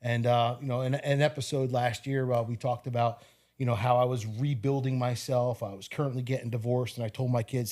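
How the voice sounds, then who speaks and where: A man talking on a podcast, lively and quick, with plenty of fillers as he gives advice. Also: medium pitch. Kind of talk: casual podcast conversation.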